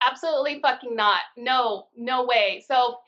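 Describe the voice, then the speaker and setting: Bright, frank woman swearing freely. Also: on the high side, moderate pace. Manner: candid storytelling with frequent swearing. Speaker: guest, card-deck founder. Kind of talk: casual live-stream interview. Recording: dull lo-fi live-stream audio.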